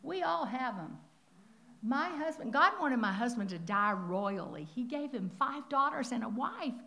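An older woman preaching a sermon, telling stories with lively acted-out quotes. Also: a little high, a little slow, creaky. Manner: animated storytelling with acted-out quotes.

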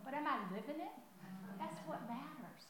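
A woman leads a Bible teaching in a chatty, animated way, full of asides and rhetorical questions. Her voice sits a bit higher than most women's. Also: moderate pace, background noise. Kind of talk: sermon-style Bible teaching.

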